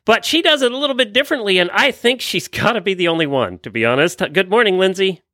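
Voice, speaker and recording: A man's voice: sits high, expressive, fast, bright, forceful tone, no echo, clean studio sound. A man hosting a radio show who cracks jokes in casual chat and then introduces and interviews a guest. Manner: joking, wisecracking.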